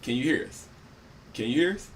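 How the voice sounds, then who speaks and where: A man's voice: mid-range voice, lively intonation, fairly quick, a little hiss or hum. A man co-hosting a casual, profane podcast chat at a friend's home, joking and laughing often while sharing one microphone with his co-host. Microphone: one microphone shared by two.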